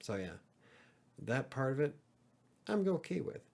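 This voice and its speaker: A man's voice: medium pitch, sing-song, a little slow, gravelly, a little mellow. A middle-aged man hosting a live podcast stream, chatting in a rambling, self-deprecating way and swearing casually. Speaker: podcast host.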